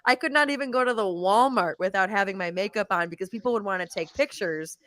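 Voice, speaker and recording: A woman's voice: mid-range voice, quick pace, fairly bright tone. A woman lawyer chatting casually on a live video call, telling stories animatedly and laughing often. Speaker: lawyer co-host on a live stream.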